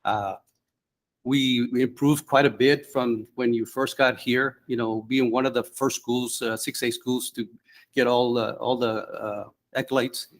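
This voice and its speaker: A male school board member gives thanks at a meeting in a fairly low voice. He speaks hesitantly and fills his pauses with "uh". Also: fairly even intonation. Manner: hesitant, many fillers. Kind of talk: meeting remarks.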